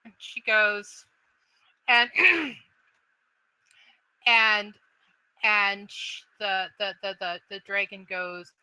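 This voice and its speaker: A woman narrating as game master of a tabletop game. She talks slowly, with a very bright tone, and often halts and restarts mid-sentence. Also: medium pitch, smooth, no echo, rough recording. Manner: halting, with many restarts.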